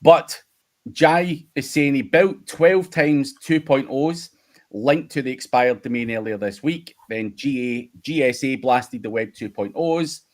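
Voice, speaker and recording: A man's voice: medium pitch, unhurried. Scottish male host, laughing storyteller who swears a lot, chatty livestream delivery. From United Kingdom. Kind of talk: casual livestream chat.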